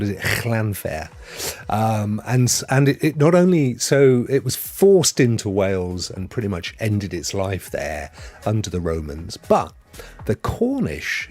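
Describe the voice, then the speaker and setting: A man's voice: on the low side, a little mellow, slightly rough. A man hosting a live stream, chatting casually, laughing often and answering chat.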